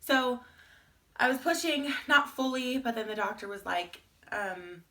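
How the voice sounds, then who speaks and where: A woman's voice: on the high side, expressive, measured pace, a bit bright. A young woman vlogger telling her story in a chatty, candid way, full of "like" fillers. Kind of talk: casual storytime vlog.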